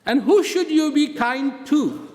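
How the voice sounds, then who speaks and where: A man giving a motivational talk to prison inmates, speaking slowly and deliberately and asking many rhetorical questions. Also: very high-pitched, lively intonation, a little mellow. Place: prison hall. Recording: reverberant hall.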